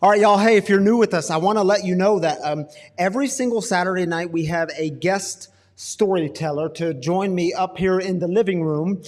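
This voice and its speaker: Upbeat host in a reverberant hall. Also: male voice, high-pitched, normal speed, hardly any pauses, darkish tone. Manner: casual, upbeat, addresses crowd as y'all. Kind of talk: live church-style interview.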